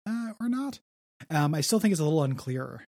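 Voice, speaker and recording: A man's voice: on the high side, sing-song, fairly quick, darkish tone, dry recording, clean studio sound. A man co-hosting a podcast, recapping a film in casual chat, joking and laughing often. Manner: laughing, joking, acts out quotes. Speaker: podcast co-host.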